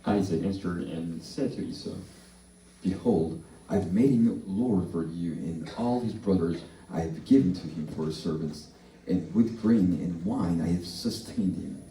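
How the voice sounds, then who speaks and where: A man leading a slow, deliberate responsive reading of scripture in a church service. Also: deep voice, mellow, slight background noise. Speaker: pastor. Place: church hall. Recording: echoey church hall from far off.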